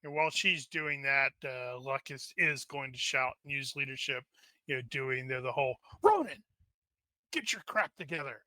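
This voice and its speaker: A man with a very bright, tense tone and a dry, close sound plays a tabletop game. He jokes and plans out loud, restarting his sentences as he goes. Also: medium pitch, flat delivery, no echo. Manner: quick, joking, trails off in restarts. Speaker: player. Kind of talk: casual tabletop game chat.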